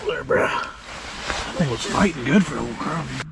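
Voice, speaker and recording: A man vlogging while he ice fishes from a shelter, excitable and swearing casually, talking to his viewers. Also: mid-range voice, normal speed, creaky, very noisy. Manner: excitable, swears, says dude a lot. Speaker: fishing vlogger. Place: ice fishing shelter on a frozen lake.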